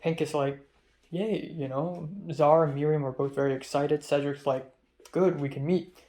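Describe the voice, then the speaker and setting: A young man recounts his day to the camera in a loose, rambling vlog diary, often correcting himself mid-story. His voice sits a little high, and it sometimes drops to a low mumble. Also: steady tone, normal speed, darkish tone. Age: young adult. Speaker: vlogger.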